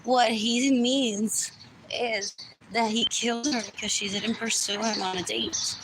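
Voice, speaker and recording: A high-pitched woman rambles through a solo livestream, repeating herself and sliding into whispers. She talks slowly, and loud outdoor ambience with chirping birds runs under her voice. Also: steady tone, heavy background noise. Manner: repetitive, muttering, drifts into whispers. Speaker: livestream host.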